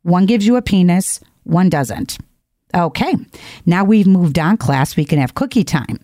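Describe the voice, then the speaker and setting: A woman hosting an opinionated commentary monologue, blunt and emphatic, jumping to high exasperated outbursts. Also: lively intonation, unhurried, mellow, no room sound, studio quality. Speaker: host.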